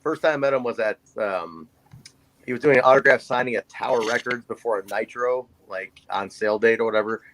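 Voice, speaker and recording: This podcast co-host, a man in his forties, has a medium-pitched voice and talks fairly quickly, recorded in low quality with slight background noise. He animatedly tells a story in casual chat, voicing each person in it.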